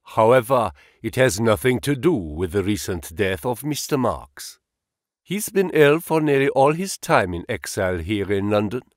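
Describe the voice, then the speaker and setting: A man voicing an elderly German gentleman who speaks earnest, humble English with a German accent in a low, grave tone. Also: big pitch swings, moderate pace, dry recording, studio quality. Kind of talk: audiobook character voice.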